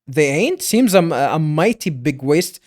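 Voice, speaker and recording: A man voicing a sly, folksy old male caretaker, reading haltingly in his own voice with a lively pitch. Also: a little hiss or hum, natural voice. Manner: reads without a put-on accent, halting. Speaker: caretaker character.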